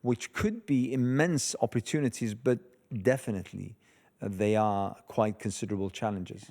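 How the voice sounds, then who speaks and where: A man with a fairly low, dark voice asks his questions slowly. He searches for words with "uh" and "um" as he lays out the background before the question. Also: fairly even intonation. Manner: slow, searching, hesitant phrasing. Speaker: interviewer. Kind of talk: interview questions.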